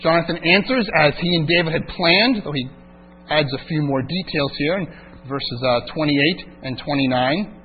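A man's voice: on the high side, normal speed. A man preaching a sermon, teaching through a Bible passage verse by verse and building intensity at key points. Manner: expository preaching, rising intensity at climaxes. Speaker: pastor. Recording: tinny phone-like sound with mains hum.

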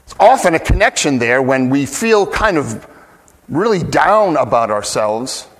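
A man's voice: medium pitch, big pitch swings, measured pace. A man preaching a sermon as a pastor, earnest and emphatic, often restarting his phrases.

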